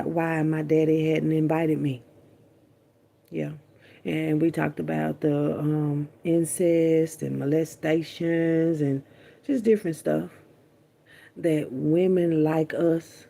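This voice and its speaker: Woman vlogger, husky and breathy, casual storyteller who talks straight to camera, blunt and salty, repeats for emphasis. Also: deep voice, warm tone. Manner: blunt, profane, chatty, repeats herself. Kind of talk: candid casual storytelling to viewers.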